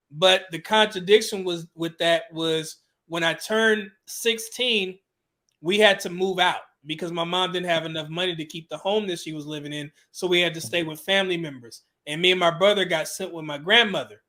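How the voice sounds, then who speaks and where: A man's voice: high-pitched, normal speed, sharp tone. A man telling a candid personal story in an interview, casual and loose, with many fillers and some swearing. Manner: casual, with frequent "you know" fillers and swearing.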